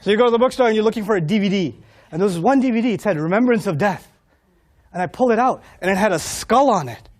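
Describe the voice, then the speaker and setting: A middle-aged man speaker telling a humorous, self-mocking story in an animated way, acting out the voices of other people. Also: high voice, fast talker. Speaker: Islamic speaker.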